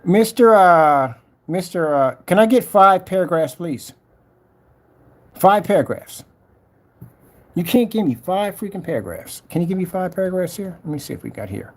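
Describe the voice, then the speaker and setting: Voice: mid-range voice, animated, normal speed. Mocking vlogger with a swooping voice. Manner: mocking, scolding, reads comments aloud. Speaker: vlogger replying to a troll. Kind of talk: casual rant to camera.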